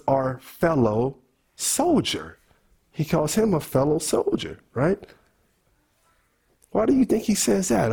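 Husky-voiced man preaching a sermon. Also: a little high, darkish tone. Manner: earnest, preaching to the congregation with questions.

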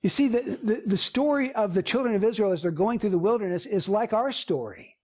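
Man, pastor, church sermon, fairly high voice, emphatic, repetitive phrasing. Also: expressive, brisk, darkish tone. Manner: earnest, emphatic preaching with repeated phrases.

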